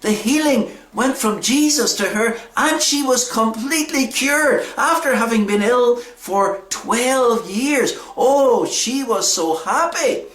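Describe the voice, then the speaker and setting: Church storyteller, lively kids bible talk, echoey hall. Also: medium pitch, takes it slowly, hardly any pauses. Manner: animated, expressive storytelling. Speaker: children's talk leader.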